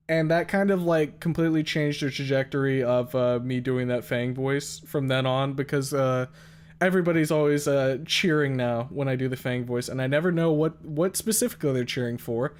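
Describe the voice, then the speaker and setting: A man's voice: mid-range voice, steady tone, brisk, slight background noise. A young man hosting a stream, chatting loosely and cursing often, with a lot of fillers. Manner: loose and profane, many fillers. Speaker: streamer host. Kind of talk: casual stream chat.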